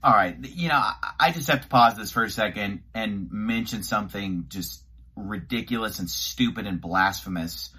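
Husky low-voiced man, indignant commentary. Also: normal speed. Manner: indignant, animated critique with restarts. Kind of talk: commentary on a sermon clip.

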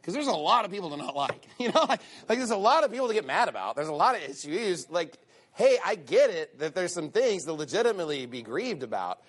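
Animated, high-pitched preacher man. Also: quick pace. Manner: mocking, sarcastic asides with put-on quotes; animated, swings between loud and low. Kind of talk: sermon.

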